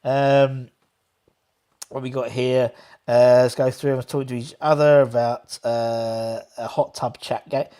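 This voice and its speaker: A man's voice: mid-range voice, flat delivery, slow, dark tone, smooth. Chatty man hosting a fan stream. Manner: chatty, rambling, reads out viewer comments. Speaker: fan channel host. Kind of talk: casual live-stream chat.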